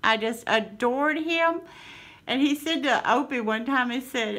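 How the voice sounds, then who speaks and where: Slow, bright-voiced Southern American woman. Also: on the high side, animated. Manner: laughs often, gushing, folksy sayings. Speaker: craft channel host. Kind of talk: casual craft vlog chat.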